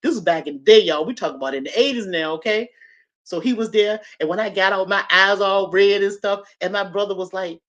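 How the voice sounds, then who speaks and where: This is a woman, telling a story from her own life. She talks in an animated way and speaks straight to her listeners. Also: mid-range voice, brisk, dull audio. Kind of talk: personal storytelling to an audience.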